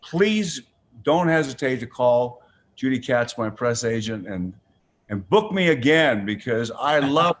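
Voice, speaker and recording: An older man talks as a radio guest in an easy, rambling way. He tells his stories with a lot of life and often restarts his sentences. His voice sits in a middle pitch. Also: measured pace. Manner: animated storyteller, acts out quotes in a raised voice. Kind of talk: casual interview chat.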